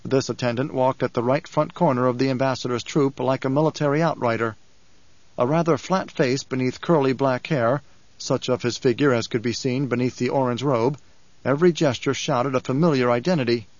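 A man reading an audiobook in a measured, steady storytelling manner. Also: mid-range voice, no room sound. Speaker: audiobook narrator. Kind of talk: scripted audiobook narration. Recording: dull dry studio recording.

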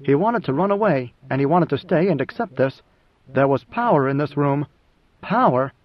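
A man reads an audiobook in a measured, even storytelling manner. His voice sits high for a man, and the recording has a dull, lo-fi tone. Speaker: audiobook narrator. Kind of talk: scripted audiobook narration.

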